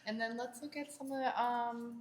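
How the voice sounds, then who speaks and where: A woman's voice: fairly high pitch, steady tone, normal speed. A woman on a workshop visit as a co-host, chatting casually and showing enthusiasm about what she sees. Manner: enthusiastic and appreciative. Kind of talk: casual interview chat. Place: indoor workshop.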